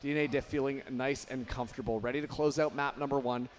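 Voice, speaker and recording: A man casting a live esports match with energetic play-by-play that rises to shouts on big plays. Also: medium pitch, fast talker, a little hiss or hum. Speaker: esports caster.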